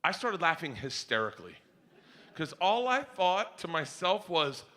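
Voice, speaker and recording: Bright punchy stand-up guy, animated, laughing through his story. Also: on the high side, a little slow. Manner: animated, swings into loud laughing bursts. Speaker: stand-up comedian.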